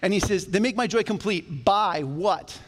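A male pastor preaching a sermon in a church, talking to the congregation in a conversational, animated way with jokes along the way. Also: high-pitched, normal speed, slight background noise. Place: church sanctuary. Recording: long reverb of a church hall.

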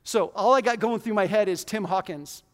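High-voiced pastor with a booming hall echo. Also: male voice, moderate pace. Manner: conversational and self-deprecating, with sudden loud bursts. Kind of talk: sermon. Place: church hall. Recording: reverberant church hall.

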